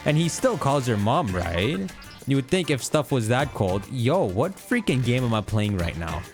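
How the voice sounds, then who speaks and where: A man's voice: medium pitch, big pitch swings, normal speed. A young man giving loose, joking let's-play commentary over game music. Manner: loose, joking, swears mildly. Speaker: gaming YouTuber.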